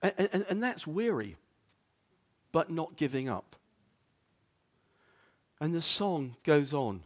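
A man preaching a sermon as a pastor, earnest, often repeating words and dropping soft on quotes. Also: on the high side, big pitch swings, slow pace, long pauses. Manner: earnest, stumbles and repeats words, drops to near-whisper on quotes.

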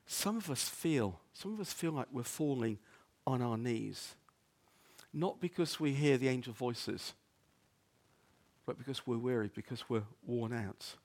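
A man preaching a sermon as a pastor, earnest, often repeating words and dropping soft on quotes. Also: medium pitch. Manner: earnest, stumbles and repeats words, drops to near-whisper on quotes.

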